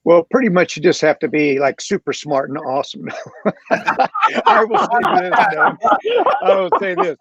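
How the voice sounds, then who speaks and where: A man's voice: fairly high pitch, huge pitch swings, normal speed, creaky, a bit bright, muffled recording. A man on a panel talking reflectively, with many fillers and restarts. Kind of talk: casual panel talk.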